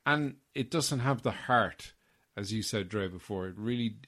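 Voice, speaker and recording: A man's voice: lowish voice, normal speed, fairly bright tone. Blunt man riffing on films. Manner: blunt, swears casually. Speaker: podcast co-host. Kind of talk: casual film chat.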